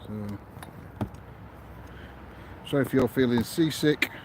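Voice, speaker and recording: A man's voice: medium pitch, slow pace, noisy background. A man hosting a live ghost-hunt stream outdoors by a road, chatting casually and greeting his viewers by name. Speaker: paranormal investigator streaming live.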